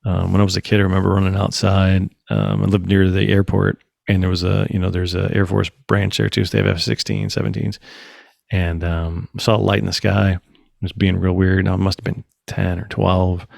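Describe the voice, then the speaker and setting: A man's voice: deep voice, fairly quick, gravelly, no room sound, clean studio sound. A man in his thirties hosting a podcast, telling a story in casual chat and acting out the quotes. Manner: animated storyteller, acts out quotes, swears casually. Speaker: podcast host.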